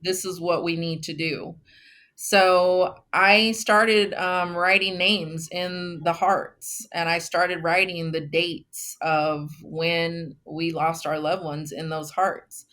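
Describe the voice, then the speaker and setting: Guest woman from Texas, low and flat delivery, slow, earnest, pausing. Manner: earnest, many "um" pauses. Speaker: memorial founder, guest. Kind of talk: casual interview storytelling.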